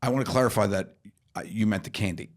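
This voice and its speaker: A man co-hosting a comedy podcast, chatting casually in an animated, joking way, laughing often and swearing freely. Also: fairly low pitch, fast. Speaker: podcast co-host.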